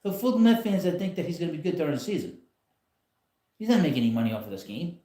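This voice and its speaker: A man's voice: on the high side, big pitch swings, racing, mellow, echoey room. A man hosting a casual live stream from home, talking in a rambling, blunt way with frequent chuckles. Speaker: channel host. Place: home, in a rocking chair.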